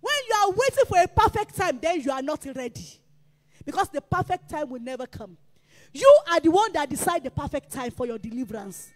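A woman preacher delivering a sermon, emphatic and repetitive, rising to shouts. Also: sits high, very animated, brisk, big-room sound. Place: church.

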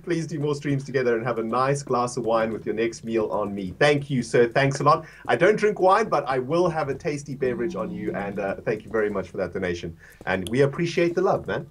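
A man's voice: medium pitch, animated, a little fast, a little hiss or hum. A man chatting casually on a livestream, laughing often and reading out donations.

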